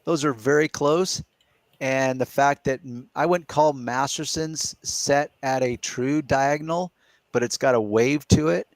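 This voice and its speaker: A middle-aged man hosts a relaxed live Q&A, walking through his reasoning step by step. His voice sits at an ordinary middle pitch and sounds close and dry, with no room echo around it. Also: unhurried. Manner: explains step by step, reasoning aloud. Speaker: podcast host. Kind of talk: casual live Q&A chat.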